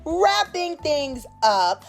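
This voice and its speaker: A woman's voice: high voice, very animated, drawn-out words, soft background music. A woman casually recapping a soap opera episode in a sassy, opinionated way and acting out the characters' lines. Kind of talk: casual chat.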